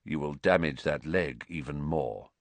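A man voicing a gaunt escaped male prisoner, speaking in a low, hoarse, quiet, menacing croak. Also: big pitch swings, unhurried, no room sound, heavily acted.

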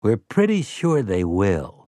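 A sly, easygoing schemer, played by a man, breezy and conspiratorial with folksy turns of phrase. His speech has a low, lively pitch and an unhurried pace. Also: dry recording, clean studio sound, heavily acted.

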